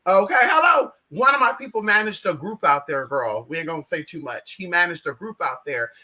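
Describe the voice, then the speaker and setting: An American woman vlogging in casual chat, brash and profane, swinging between loud outbursts and low asides. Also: expressive, fairly quick. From United States. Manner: brash, profane, addresses viewers as girl and bitch.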